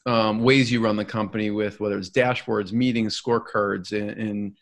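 A man's voice: steady tone, moderate pace. Man asking probing interview questions. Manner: probing, prompts the guest to go deeper. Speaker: podcast host.

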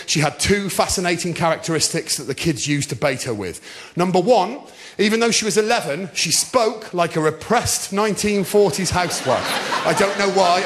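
A man doing a stand-up routine on a large theatre stage, telling stories with animated bursts of shouting as the audience laughs. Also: sits high. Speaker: stand-up comedian.

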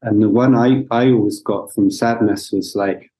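A man speaking as a podcast guest, his voice low and mellow. He reflects in a measured way, pausing to find the right words. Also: steady tone, poor audio. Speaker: guest facilitator. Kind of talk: thoughtful conversational reflection.

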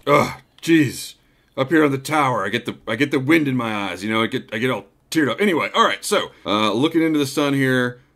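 A man casually commenting on his own gameplay as host, talking to his animals and breaking into excited shouts in big moments. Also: medium pitch, fast, few pauses. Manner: chatty, talks to his pets, bursts into excited shouts.

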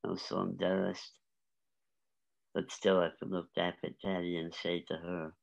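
A man in his seventies telling lively stories as an interview guest, often laughing and acting out voices. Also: sits low, normal speed, creaky, muffled recording. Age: 70s. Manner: animated, laughing, acts out voices. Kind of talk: storytelling interview.

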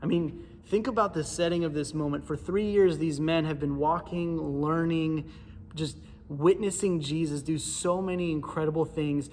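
A man preaching a sermon in a church, with a casual, animated storytelling manner. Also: a little high, normal speed, in a large hall, slight background noise. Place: church sanctuary.

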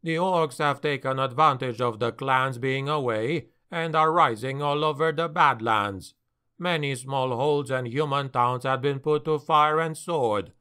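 A man's voice: medium pitch, a little slow, bright, forceful tone, clean tone. A man voicing a bitter, weary male dwarf harbor master who grumbles his complaints, for an audiobook.

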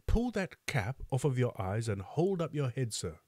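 A man's voice: mid-range voice, sing-song, normal speed, warm tone, a little hiss or hum, lightly acted. A man doing a stern, pompous beadle. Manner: gruff and scolding. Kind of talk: storybook reading.

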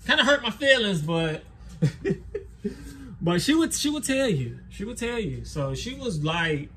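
A man's voice: high voice, sing-song, normal speed, a bit bright, a little hiss or hum. A young man, telling a wild story and laughing as he acts out the quotes. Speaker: lawn care vlogger. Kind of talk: animated storytelling.

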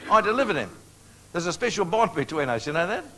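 A man's voice: high voice, sing-song, fast talker, a bit bright, a little hiss or hum. An older man, preaching a storytelling sermon in a folksy, joking way and chuckling at his own anecdotes.

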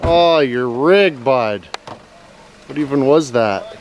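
A man's voice: medium pitch, animated, slow pace. Foul-mouthed man vlogging. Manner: profane, rambling, self-apologizing. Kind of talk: casual vlog chat. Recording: vehicle and outdoor noise.

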